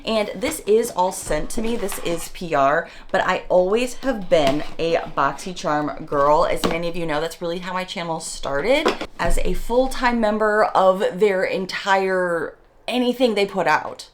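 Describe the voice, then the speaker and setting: A woman beauty vlogger in a chatty, excitable unboxing, reading product labels aloud, with her morning voice. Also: on the low side, unhurried, background noise. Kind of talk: casual unboxing chat.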